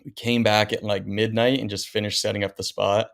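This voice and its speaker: A man in his thirties chats as a podcast guest in a relaxed, slangy way. His voice is low with a gravelly rasp, and he leans on "like" and "dude" as he tells stories. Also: fairly quick. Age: 30s. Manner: laid-back, full of "like" and "dude". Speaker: podcast guest, pro skier. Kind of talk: casual storytelling chat.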